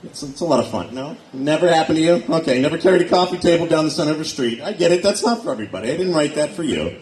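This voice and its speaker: A man from Erie doing a self-deprecating stand-up set with punchy deadpan delivery and crowd work on a nightclub stage. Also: a little high, very fast. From Erie, Pennsylvania. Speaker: stand-up comedian. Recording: echoey club room.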